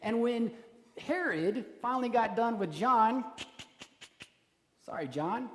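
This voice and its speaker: Animated preacher in an echoing church. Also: male voice, very high-pitched, slow, slight background noise. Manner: animated, conversational preaching with acted-out quotes. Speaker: pastor. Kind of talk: sermon. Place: church sanctuary. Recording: roomy church reverb.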